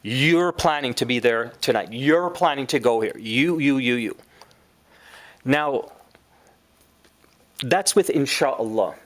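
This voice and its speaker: A man teaching a class in a lively lecture, often putting questions to his students. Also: medium pitch, slow, pauses often, no room sound. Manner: animated, asks the class questions.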